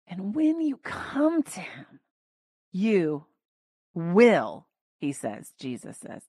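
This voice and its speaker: A young adult woman hosting a devotional podcast, teaching earnestly and emphatically, dropping soft and then rising to exclaim. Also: on the low side, huge pitch swings, slow pace, dry recording. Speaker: podcast host and Bible teacher.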